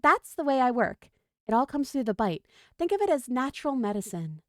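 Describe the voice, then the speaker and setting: Wry talking snake, male, matter-of-fact, pitched up, woman reading it out, dry sound. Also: sing-song, fairly quick, no room sound. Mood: apologetic. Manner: matter-of-fact, joking explanations.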